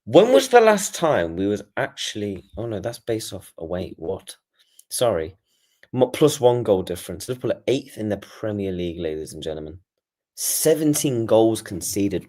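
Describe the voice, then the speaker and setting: A deep-voiced man rants through a post-match reaction on his fan channel. He rambles, restarts and swears as his frustration spills out. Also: very animated, normal speed, mellow. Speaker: football fan channel host.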